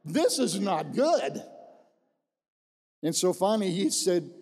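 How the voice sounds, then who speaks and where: Very animated yet slow-paced, this middle-aged pastor has a high voice with a darkish tone. He tells his personal testimony in a folksy way, repeating phrases for emphasis, amid the long reverb of a large hall.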